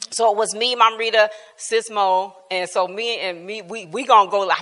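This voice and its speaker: A woman shares her story at a church bible class, loose and colloquial, breaking into laughter as she goes. Her voice is bright and ringing, and it echoes through a large, reverberant church hall. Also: mid-range voice, moderate pace, few pauses. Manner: colloquial, laughing often, animated. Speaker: church member giving testimony at bible class. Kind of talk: personal testimony, casual storytelling.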